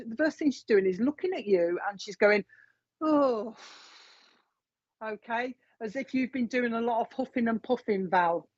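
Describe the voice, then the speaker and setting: A chatty woman gives a live mediumship reading mixed with casual chat, repeating messages she says come from spirit. Her voice is medium in pitch and a little mellow, with no echo, and the recording has a dull, dry lo-fi quality.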